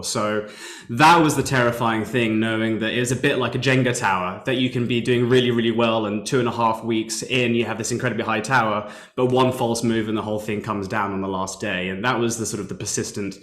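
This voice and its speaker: A man's voice: on the low side, fairly bright tone. A British man, an executive producer, answering questions in an interview and laughing easily. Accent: British English. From Britain. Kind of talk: video call interview. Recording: roomy echo.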